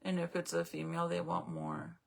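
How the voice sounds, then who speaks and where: A woman's voice: sits low, big pitch swings, fairly quick, creaky. A young woman at home chatting casually on a live stream, rambling, swearing now and then and answering viewer comments. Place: at home, indoors.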